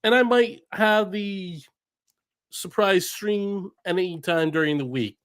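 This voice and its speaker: A man with a slightly higher voice chatting on a wrestling livestream. He plugs his own shows in a relaxed manner, chuckling along, recorded dry and close. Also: slow pace, clear, resonant tone, no room sound. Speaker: wrestling stream host. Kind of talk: casual livestream chat.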